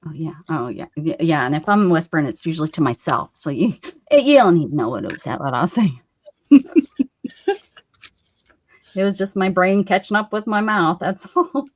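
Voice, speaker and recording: Woman from Texas, teasing co-host, animated voice, dull low-fi sound. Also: moderate pace, no room sound. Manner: playful, teasing, laughs often. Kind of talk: casual livestream chat. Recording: dull lo-fi stream audio.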